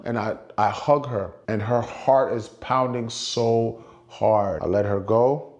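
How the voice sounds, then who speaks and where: A man's voice: lowish voice, steady tone, takes it slowly, a little mellow. A middle-aged man casually telling a story on a podcast, retelling dialogue with frequent "I was like" asides. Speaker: guest storyteller.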